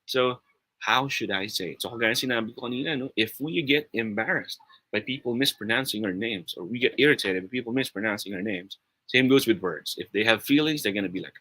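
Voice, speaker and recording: A man's voice: mid-range voice, a little fast, bright, forceful tone, slightly rough, dry recording, rough recording. A man with a Filipino accent, teaching an upbeat live-streamed English pronunciation lesson and reading out viewer comments. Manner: upbeat, switches between English and Tagalog, reads viewer comments.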